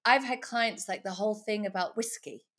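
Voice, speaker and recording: A middle-aged woman talks easily as a podcast host, her voice in a middle pitch. She chats in a relaxed, filler-heavy way with lots of "like" and "you know.". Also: moderate pace, slightly rough. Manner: chatty, many fillers, laughs along. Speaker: podcast host, sobriety coach. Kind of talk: casual conversation.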